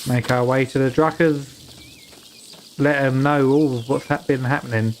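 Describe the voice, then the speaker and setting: A man's voice: mid-range voice, steady tone, slow, a little hiss or hum. A British man streaming a game, reading the text aloud and joking at his own expense. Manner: self-mocking, reads game text aloud, laughs often. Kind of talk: casual live-stream commentary.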